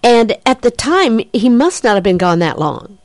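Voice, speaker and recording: A woman psychic medium talks through a reading in a lively, chatty way, full of ums and quick apologies. She keeps jumping into excited, higher quoted voices as she relays what she hears. The sound is dry and close, with no room around it. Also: dry recording. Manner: animated, breaks into excited quoted voices of the spirit, frequent fillers and apologies. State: says she has a headache.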